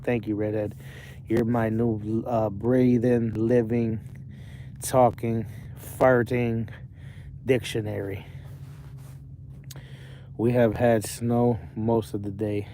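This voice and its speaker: A man's voice: fairly low pitch, little pitch movement, takes it slowly, pauses often, warm tone, slight background noise. A young man livestreaming from his parked truck cab, rambling casually while reading out viewer comments. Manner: rambling, chatty, self-correcting.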